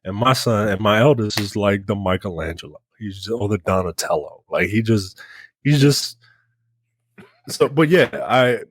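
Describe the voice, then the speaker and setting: A man in his thirties co-hosting a casual podcast chat, telling long animated stories with lots of restarts. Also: fairly low pitch, normal speed, slightly rough, no echo, studio quality. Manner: rambling, animated storytelling with restarts. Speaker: podcast co-host.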